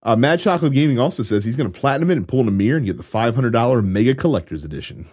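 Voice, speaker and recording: A man hosting a casual podcast, steering the talk in a halting way with many fillers. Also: mid-range voice, lively intonation, a little mellow, slightly rough. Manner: moderating, hesitant with many fillers. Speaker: podcast host.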